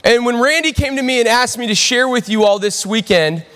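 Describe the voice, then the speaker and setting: A young man, preaching a sermon as a pastor and telling a story, animated and calling out to the audience. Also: very high voice, a little fast. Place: large church auditorium. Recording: long hall reverb.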